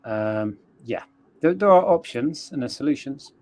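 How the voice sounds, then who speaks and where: A man co-hosting a casual livestream, working through his ideas aloud. His voice is mid-pitched and even, and his speech is full of fillers. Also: moderate pace. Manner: thoughtful, explains with fillers. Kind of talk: casual explanatory chat.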